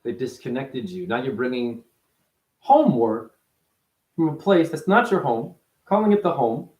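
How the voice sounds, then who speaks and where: A man giving a rambling, profane spiritual monologue as a self-styled teacher, his voice jumping up and down in pitch. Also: sing-song, moderate pace, pauses often, darkish tone. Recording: echoey room.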